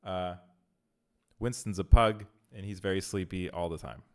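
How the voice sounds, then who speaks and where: A man's voice: deep voice, moderate pace, a little mellow. Chatty male streamer answering his viewers. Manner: chatty, reads chat aloud and answers viewers; laughs easily between phrases. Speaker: streamer and content creator. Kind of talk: casual livestream chat.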